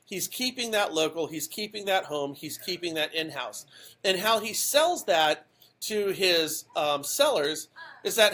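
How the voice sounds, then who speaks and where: A man with a high, bright, forceful voice rants his way through podcast commentary. He is blunt and emphatic, swears without a second thought, and keeps tossing "okay?" at the listener to drive his points home. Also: lively intonation, a little slow. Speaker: podcast host.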